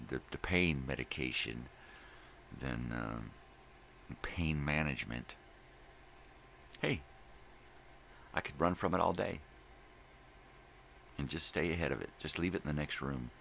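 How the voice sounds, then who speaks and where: An older man talks through his morning in a slow, drowsy ramble, trailing off and circling back. His voice is extremely low and gravelly, with a faint room hum underneath. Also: fairly bright tone. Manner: slow, drifting, full of fillers and wordplay. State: drowsy from cold medicine. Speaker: vlog host.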